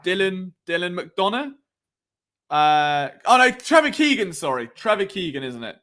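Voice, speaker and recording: A man's voice: high-pitched, very animated, unhurried, fairly bright tone. A man in his late twenties, hosting a casual sports live stream from home at night, chatty and jokey, often tripping over names. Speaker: sports podcast host. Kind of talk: casual live stream chat reading comments. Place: home at night, below noisy neighbours.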